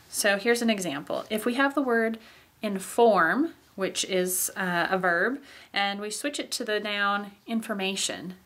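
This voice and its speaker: A woman giving a recorded pronunciation lecture in a voice of middle pitch. She explains patiently, pausing on each example word and saying it slowly, then repeating it. Fillers such as "okay" and "um" mark her moves from point to point. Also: fairly bright tone. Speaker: teacher.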